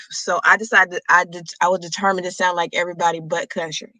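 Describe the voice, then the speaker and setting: An American woman talking in a casual group chat, telling stories in a relaxed way. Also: lowish voice, quick pace, dry recording.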